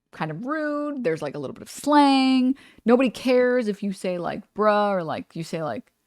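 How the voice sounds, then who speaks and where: A woman's voice: fairly low pitch, no echo. Woman streamer, blunt and swear-happy. Dry close sound. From New York. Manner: blunt, animated, swears freely. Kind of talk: casual reaction stream chat.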